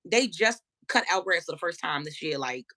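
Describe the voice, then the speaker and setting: A woman hosting a live stream, chatting casually and profanely with her viewers and telling animated stories. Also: fairly low pitch, moderate pace. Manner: addresses viewers directly.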